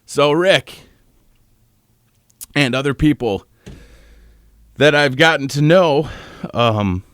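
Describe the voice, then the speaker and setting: A male radio host on his morning show, talking in a halting way and holding back tears, with pauses and restarts. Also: on the high side, lively intonation, a bit bright, no room sound, studio quality. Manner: halting, choked up, pausing often. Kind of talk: on-air morning show tribute. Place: radio studio.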